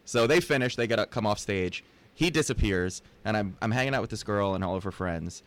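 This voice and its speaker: Low voiced guy comedian rattling off a story fast, doing all the voices. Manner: animated, acts out quotes. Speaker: stand-up comedian guest. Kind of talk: casual storytelling. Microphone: studio mic.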